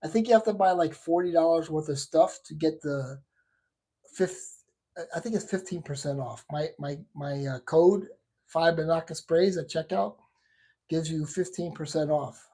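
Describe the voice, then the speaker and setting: Dark, husky man rambling on a livestream. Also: a little high, moderate pace. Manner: rambling, with many restarts and asides. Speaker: shaving livestream host. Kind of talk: casual live chat.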